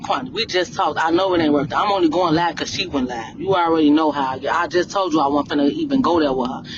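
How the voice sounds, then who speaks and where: A woman's voice: deep voice, fast, muffled recording, noisy background. A woman venting on a livestream, blunt and confrontational, repeating her points again and again. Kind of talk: heated livestream rant.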